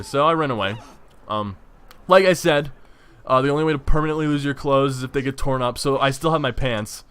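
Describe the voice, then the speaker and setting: A man giving casual gameplay commentary, excitable, swearing and stumbling over his words, with faint game music behind. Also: medium pitch, quick pace. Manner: excitable, swears, stammers and restarts. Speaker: let's play commentator.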